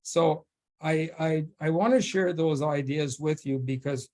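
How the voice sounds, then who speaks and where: A man speaking as a guest at a faith forum, telling a story in a halting way with many restarts and frequent laughter. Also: on the high side, a little mellow. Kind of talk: storytelling talk.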